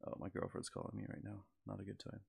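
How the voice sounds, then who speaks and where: A man's voice: low-pitched, flat delivery, fast, creaky, a little mellow, slightly rough. A man hosting a live stream, chatting loosely and profanely with lots of fillers. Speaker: stream host. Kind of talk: casual profane chat.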